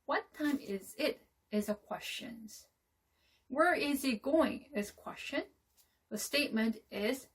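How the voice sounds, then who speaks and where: A woman with a fairly high voice leads a classroom lesson on English intonation. She explains step by step, pausing often to check that listeners follow. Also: expressive, slightly rough. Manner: explains slowly, with frequent "okay?" checks. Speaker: English teacher.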